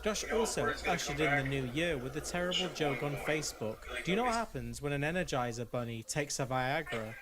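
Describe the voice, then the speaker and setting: A man's voice: a little high, animated, brisk, few pauses, heavy background noise. A man reading scripted documentary-style narration in a dry, mocking tone.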